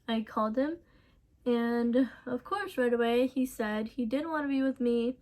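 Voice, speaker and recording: Soft-spoken young woman telling a story. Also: on the high side, slight background noise. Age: young adult. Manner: casual, soft-spoken storytelling with many fillers. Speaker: vlogger. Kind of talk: storytime vlog.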